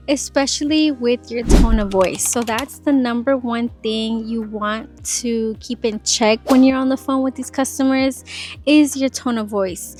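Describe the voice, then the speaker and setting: A woman in her twenties, an insurance sales agent, chatting casually and animatedly in an advice vlog. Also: fairly high pitch. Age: 20s. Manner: chatty, animated, demonstrates phone voices.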